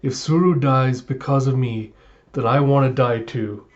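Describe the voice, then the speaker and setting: A man's voice: medium pitch, a little slow, lightly acted. A man gives voice to a reckless young swordsman who throws himself into danger. He speaks in hot-headed, defiant bursts. The recording is dull and lo-fi. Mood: desperate.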